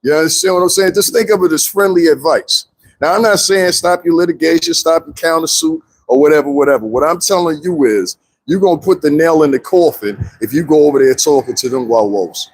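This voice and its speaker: A man's voice: on the high side, brisk, dry recording. A man commenting casually on a live stream, talking straight to his viewers and laughing often. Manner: animated, talks straight to viewers, frequent laughs.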